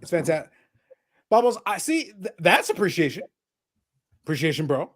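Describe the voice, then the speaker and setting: A man's voice: sits high, sing-song, moderate pace. A man co-hosting a podcast in casual chat, teasing his co-hosts with sarcastic banter. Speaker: podcast co-host.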